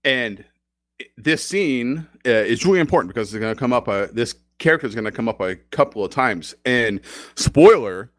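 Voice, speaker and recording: A man's voice: mid-range voice, animated, normal speed, dry recording. A man co-hosting a podcast, recapping a TV episode in casual, rambling chat and laughing often. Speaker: podcast co-host.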